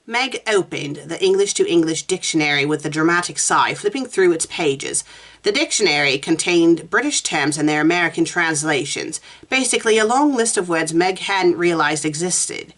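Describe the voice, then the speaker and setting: Brief: woman with a lowish, lively voice, reads fanfic aloud and slips in sarcastic asides. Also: moderate pace. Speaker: fanfiction reviewer. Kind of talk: reading a story aloud with commentary.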